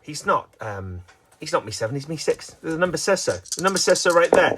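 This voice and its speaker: A man's voice: on the high side, very animated, fairly quick, noisy background. A man giving playful, self-mocking mock sports commentary on a dice game.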